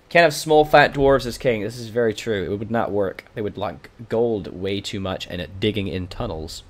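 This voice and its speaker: A man's voice: mid-range voice, lively intonation, normal speed, hardly any pauses. Man with a mixed British-American accent. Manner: reads in-game event text aloud, then chats with viewers. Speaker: gaming channel host. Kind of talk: casual let's-play commentary recorded from a livestream.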